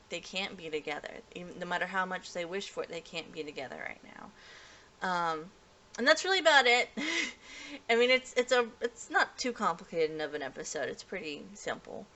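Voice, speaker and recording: A woman talks through an episode review in a loose, rambling way, often restarting her sentences. Her voice sits a little low but sounds bright and forceful. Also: a little hiss or hum. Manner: rambling, with frequent restarts and light laughs. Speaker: anime reviewer.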